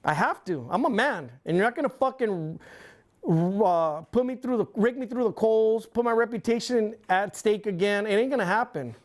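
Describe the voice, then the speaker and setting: A man's voice: sits high, expressive, normal speed. A middle-aged man talks bluntly in an interview, his speech heated and thick with profanity. He tells his story casually, defending himself point by point. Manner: blunt, heated, swears constantly. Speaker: interview guest, former club president.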